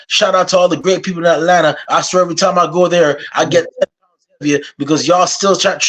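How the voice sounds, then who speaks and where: A man with a high, fairly bright voice hosts a wrestling podcast. He kicks things off with a rhyming hype intro, then settles into casual chat and storytelling.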